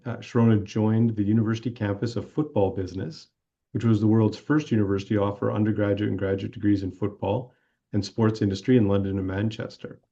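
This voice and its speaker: A man hosting a business school podcast, introducing his guest in a measured way with occasional fillers. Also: fairly low pitch, dark tone, lo-fi sound. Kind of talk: podcast interview.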